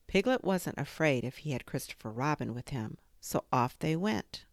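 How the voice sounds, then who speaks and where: A woman reading a children's story aloud as a storyteller, expressive and dramatic in her pacing. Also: deep voice, normal speed, dry recording, studio quality.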